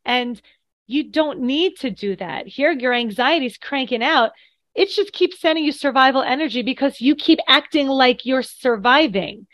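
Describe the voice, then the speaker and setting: Woman podcast coach, reassuring explainer, higher voice, dry mic. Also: lively intonation, moderate pace, a bit bright, no room sound. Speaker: anxiety coach co-host. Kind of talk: casual podcast chat.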